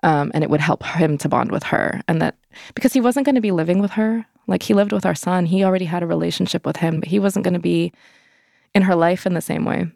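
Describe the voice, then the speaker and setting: A woman's voice: lowish voice, fast, gravelly, darkish tone, no echo, clean studio sound. A young woman telling a personal story in an interview, candid and loose, full of "like" fillers. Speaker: interview guest.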